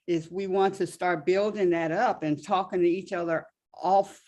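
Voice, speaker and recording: A woman's voice: lowish voice, steady tone, moderate pace, a little mellow. A woman leads an online faith group in easy, casual talk. She keeps encouraging the others and often repeats and restarts her phrases. She sounds like she is on a video call. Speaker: host.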